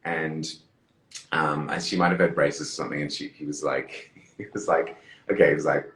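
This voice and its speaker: Deep voiced guy, accent that mixes zimbabwean, aussie and british, rambly and laughing a lot, echoey room. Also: little pitch movement, moderate pace, a bit bright. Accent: mixed Zimbabwean, Australian and British English. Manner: laughing often, rambling with many fillers. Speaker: actor, guest. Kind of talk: casual chat.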